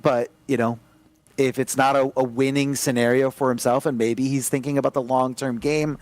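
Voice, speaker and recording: A man commentating a fighting game tournament live, excitable and rambling, with frequent restarts. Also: mid-range voice, moderate pace, dry recording. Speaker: esports commentator.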